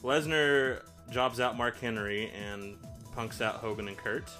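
A man's voice: medium pitch, unhurried, bright, forceful tone, soft background music. A man co-hosting a casual podcast, rambling through wrestling recaps with lots of fillers and acted-out quotes. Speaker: podcast co-host. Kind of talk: casual chat.

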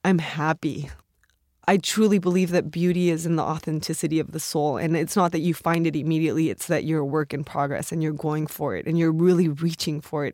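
A woman's voice: low-pitched, a little mellow, no room sound. A woman actress speaking earnestly and emotionally in a studio interview, near tears at times. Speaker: actress, guest. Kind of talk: heartfelt interview talk.

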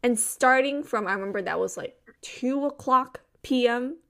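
A woman's voice: fairly high pitch, moderate pace, creaky, fairly bright tone. A young woman from Taiwan telling a long personal story in casual chat, full of restarts and fillers.

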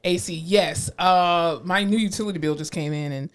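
A woman in her late twenties co-hosting a podcast in casual chat, playful and quick to laugh. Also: fairly low pitch. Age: late 20s. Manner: laughs often, playful and animated. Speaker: podcast co-host.

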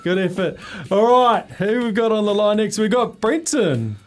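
A man's voice: high voice, lively intonation, moderate pace, faint music behind. A man hosting a call-in radio quiz, upbeat and laughing often, calling everyone mate. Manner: upbeat, laughs a lot, calls people mate. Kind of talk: breezy morning radio banter.

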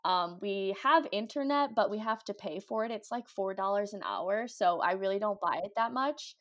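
A young woman chatting casually as a guest, upbeat and talkative. Her speech is full of "like" and little fillers, and her pitch sits in an ordinary middle range. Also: animated, normal speed, fairly bright tone. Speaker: guest, cruise ship ice skater. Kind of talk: casual interview chat.

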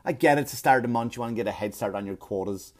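A man delivering a profane comedic rant, animated and repetitive, often stumbling over his words. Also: mid-range voice, racing. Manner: animated, profane, repeats himself. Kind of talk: ranting comedic monologue.

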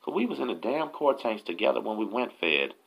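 A man's voice: fairly low pitch, big pitch swings, fairly quick, vocal fry, husky, lo-fi sound. A man with a Texan accent telling prison stories as host, in a casual, profane, slangy street manner. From Texas, USA. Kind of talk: casual storytelling.

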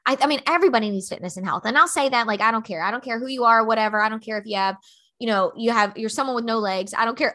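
A woman's voice: a little high, very fast, a bit bright. A woman in her thirties hosting a motivational podcast, talking bluntly and emphatically with lots of fillers. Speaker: podcast host.

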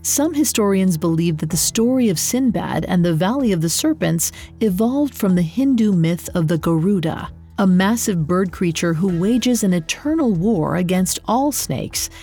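A woman reading a scripted story in a measured, expressive narrating voice. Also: fairly low pitch, soft background music.

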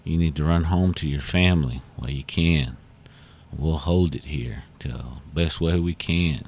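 A man's voice: a bass voice, measured pace, darkish tone, exaggerated voice. A man storyteller voicing a wary older man with a pack of guard dogs who gives urgent, pleading warnings.

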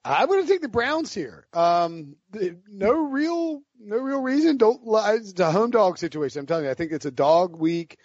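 A man's voice: high-pitched, expressive, moderate pace, hardly any pauses, darkish tone, dry recording. A man from the American South hosting a sports betting podcast, loose and joking in casual chat. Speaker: podcast host. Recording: dry dull lo-fi podcast audio.

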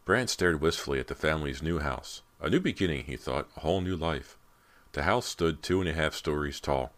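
Male audiobook narrator, extremely deep voice, measured and ominous. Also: expressive, a bit bright. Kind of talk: scripted narration.

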